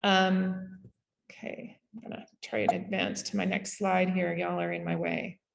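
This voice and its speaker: A woman with a Canadian accent gives a casual summit talk over a video call, with quick asides and lots of fillers. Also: fairly low pitch, very animated, creaky, big-room sound. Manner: chatty, rapid asides, frequent fillers. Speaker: summit speaker on short-term rentals. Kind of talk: casual presentation.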